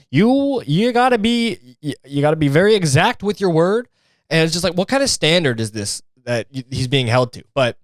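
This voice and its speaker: A man's voice: mid-range voice, a bit bright, smooth, no room sound. A young man hosting a solo podcast, ranting in a sarcastic, profane, fired-up way into a close mic. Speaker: podcast host. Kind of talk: casual solo podcast rant.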